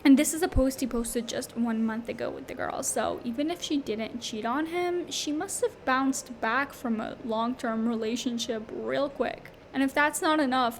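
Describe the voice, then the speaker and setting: A woman with a slightly high voice reads a scripted gossip rundown at a brisk clip. She drops sarcastic little asides between items, with a faint hiss underneath. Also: low-quality recording. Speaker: gossip channel narrator.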